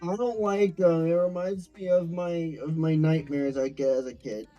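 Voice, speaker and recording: A man's voice: on the high side, steady tone, normal speed, mellow, lo-fi sound, soft background music. A young adult man chatting playfully on a stream, joking and teasing the host. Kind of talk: casual chat.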